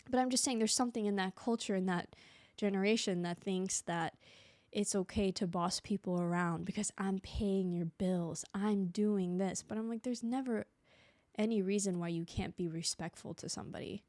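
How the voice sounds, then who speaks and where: A young woman talks through her own stories on a solo podcast. She chats casually, breaks off and restarts often, and does voices for the people she quotes. Her medium-pitched voice sits close to the mic in a dry room. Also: darkish tone, no echo. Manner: chatty storytelling with quick restarts and quoted voices. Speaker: podcast host. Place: home room.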